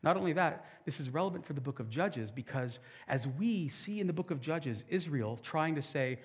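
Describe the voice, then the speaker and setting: A man's voice: fairly high pitch, animated, normal speed, hardly any pauses, husky, lo-fi sound. A man preaching a sermon as a pastor, conversational with humorous asides.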